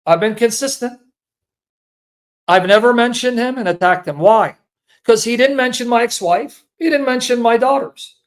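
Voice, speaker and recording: A man's voice: very high-pitched, moderate pace. A man giving an earnest, emotional personal testimony, often repeating himself. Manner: earnest, repetitive, pleading. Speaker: apologetics speaker.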